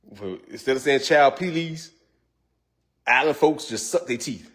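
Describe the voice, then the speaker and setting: A man's voice: medium pitch, animated, measured pace, fairly bright tone. A man hosting a casual cooking livestream, joking and laughing often as he chats to viewers. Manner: loose, joking, laughs often, says y'all. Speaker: cooking show host.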